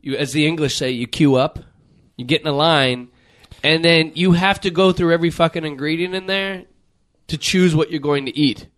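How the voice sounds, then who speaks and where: A man's voice: a little high, moderate pace, a bit bright. A man hosting a casual chat, ranting with lots of swearing and putting on voices when he quotes people. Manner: profane, exasperated ranting with mock-voiced quotes.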